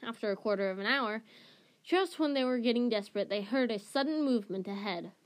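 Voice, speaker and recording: A woman's voice: a little high, a little fast. Woman reading a novel aloud. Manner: restarts and self-corrections. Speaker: storybook reader.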